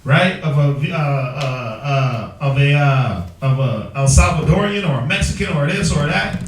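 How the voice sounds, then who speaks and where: A man's voice: mid-range voice, animated. Questioning man in a very echoey room. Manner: questioning, rhetorical, halting with fillers. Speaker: Bible class teacher. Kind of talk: teaching Bible study. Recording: very echoey room, distant mic, faint noise.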